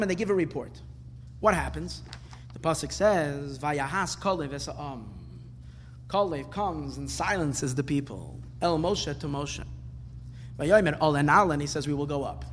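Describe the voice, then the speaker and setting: A man's voice: a little high, fairly bright tone, a little hiss or hum. A man teaching a Torah class, asking questions and rising into emphatic bursts. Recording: hall reverb with faint ambience.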